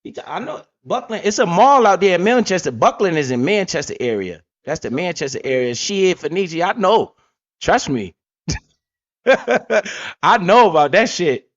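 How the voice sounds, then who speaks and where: A man from Connecticut hosting a livestream, talking loudly in animated street slang and swearing often. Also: sits high, normal speed. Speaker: livestream host. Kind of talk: casual livestream chat. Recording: lo-fi stream audio.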